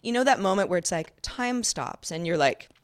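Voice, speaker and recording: A woman co-hosting a podcast, telling a story in casual chat and acting out the quotes in a higher voice. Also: moderate pace. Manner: animated, acts out quotes in a higher voice. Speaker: podcast co-host.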